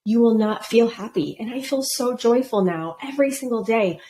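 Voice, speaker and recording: A woman's voice: a little high, moderate pace. Woman, middle-aged, coach, casual storytelling, acts out quotes, faint background noise. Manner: animated, acts out quoted voices. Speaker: guest, business coach.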